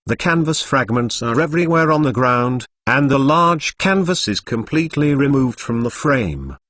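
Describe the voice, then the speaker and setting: A man reading the lines of an alarmed young schoolgirl in a storybook reading, with a lively pitch. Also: moderate pace.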